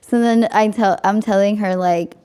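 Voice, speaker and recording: A woman's voice: mid-range voice, steady tone, moderate pace, mellow, smooth. A young woman hosting a podcast, telling a story in casual chat, with lots of "like" and frequent laughs. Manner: chatty, frequent "like", laughs often. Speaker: podcast host.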